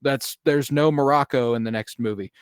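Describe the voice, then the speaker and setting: With a clear, resonant medium-pitched voice at a moderate pace, a man co-hosts a podcast reviewing a movie. He chats casually and opinionatedly, swears now and then, and says um a lot, on a dry, clean studio recording.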